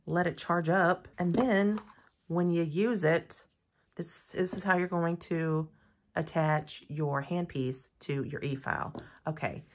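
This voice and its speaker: A woman doing a casual unboxing review of nail gear, chatty and gushing, with rambling asides. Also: deep voice. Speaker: nail content creator reviewing a product.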